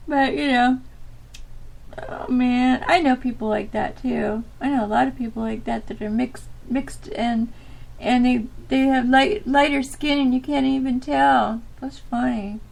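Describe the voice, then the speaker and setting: A woman's voice: fairly high pitch, fairly even intonation, a little slow, vocal fry, a little mellow. A woman hosting her own podcast, chatting casually and rambling with lots of fillers and trailing thoughts. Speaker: podcast host. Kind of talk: casual solo chat.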